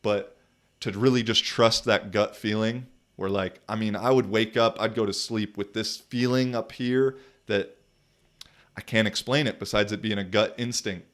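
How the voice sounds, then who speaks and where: A young man with a lowish voice tells a long story on his podcast in a casual way. He rambles, swears freely and leans on "like" and "you know" as he goes. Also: steady tone, moderate pace, fairly bright tone. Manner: profane, rambling, full of fillers. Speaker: podcast host and football player.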